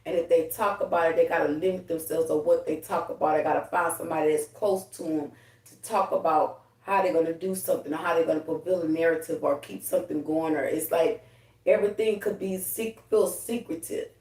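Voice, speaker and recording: A woman's voice: low voice, steady tone, brisk, a little mellow, far from the mic. A woman rants heatedly on a spiritual livestream, profane and preachy. Her voice sits a little back from the mic in an echoey room. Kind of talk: casual spiritual livestream talk.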